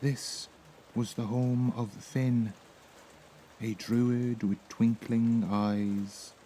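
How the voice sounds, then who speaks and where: A man with an Irish accent reading a sleep story in a soft, slow, soothing voice. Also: medium pitch, level tone, a little hiss or hum, poor audio. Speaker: narrator.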